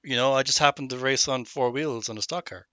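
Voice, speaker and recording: A man's voice: mid-range voice, fast, bright, forceful tone, no echo. A man hosting a live sim racing broadcast from home, trading jokey, upbeat banter with his co-commentators. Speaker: race broadcast host. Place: home setup on a remote call.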